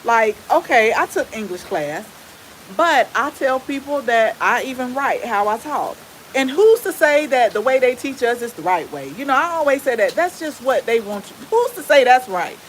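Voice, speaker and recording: A woman with a Southern US accent and a relaxed drawl, chatting casually with viewers as the host of a gardening channel. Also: a little high, moderate pace, a little hiss or hum, low-quality recording. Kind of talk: casual live-stream chat with viewers.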